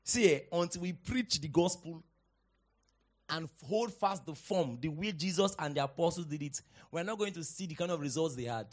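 A male pastor preaching a sermon, swinging from hushed teaching to shouted exhortation and quoting scripture in dramatic old-fashioned wording. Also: fairly high pitch, animated, normal speed.

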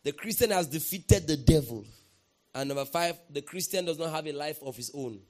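A man preaching a sermon as pastor, emphatic, often asking the congregation to respond and bursting into shouts. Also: fairly high pitch, lively intonation, normal speed.

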